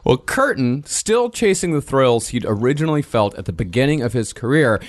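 Male podcast co-host, lively pitch, casual true-crime narration. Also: normal speed.

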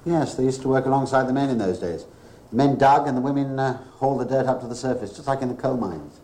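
A man explaining a tunnel disaster in measured, storytelling tones, heard as a clip from an old horror film. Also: medium pitch, mellow, lightly acted. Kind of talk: 1970s British horror film dialogue. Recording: old film soundtrack with faint noise and roomy echo.

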